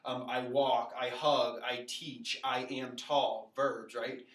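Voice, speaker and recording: A man teaching a casual whiteboard lesson, talking informally with fillers and quick asides to his viewers. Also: mid-range voice, level tone, a bit bright. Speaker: Latin teacher. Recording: echoey room, far from the mic.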